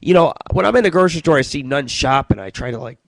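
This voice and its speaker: A man's voice: mid-range voice, lively intonation, fast talker, creaky, slight background noise, rough recording. A man hosting his own radio show, telling stories and jokes in a profane, rambling, boastful monologue.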